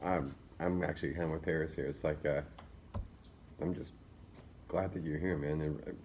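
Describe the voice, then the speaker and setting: A man with a very low voice speaks up in a class discussion. He is halting and sincere, and he pads his sentences with fillers. Faint room noise sits behind him. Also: fairly even intonation, darkish tone. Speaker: class participant. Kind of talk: casual remarks in a group discussion.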